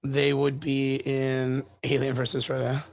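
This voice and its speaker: A man's voice: mid-range voice, completely flat delivery, a little slow, creaky, no echo. A man co-hosting a casual streamed chat show, joking loosely and swearing, with lots of "dude" and "bro". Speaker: podcast co-host. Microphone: streaming mic.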